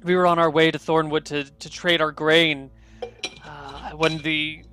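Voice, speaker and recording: A man's voice: on the high side, little pitch movement, bright, forceful tone, soft background music. A man voicing a frightened young farmer who stammers as he recounts a massacre. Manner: stammering, pleading, rushed.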